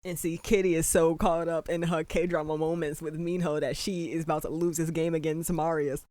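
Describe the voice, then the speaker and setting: A young adult giving casual, excitable reaction commentary on a show, getting emotional and swearing freely. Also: mid-range voice, moderate pace, no room sound.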